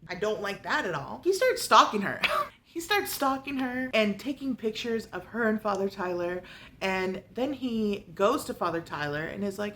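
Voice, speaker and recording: A woman giving a casual, sarcastic book review and retelling the plot with animated asides. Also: mid-range voice, moderate pace, a little hiss or hum.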